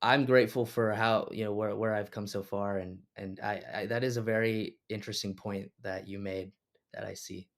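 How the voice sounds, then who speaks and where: Low-voiced podcast host. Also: male voice, steady tone, moderate pace. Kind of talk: casual interview.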